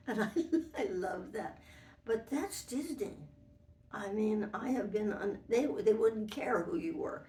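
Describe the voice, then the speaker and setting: An older woman who once modeled for an animated fairy is interviewed about long-ago events, rambling and restarting as she tells anecdotes. Her mid-range voice is warm and unhurried, recorded roomy from a distant mic.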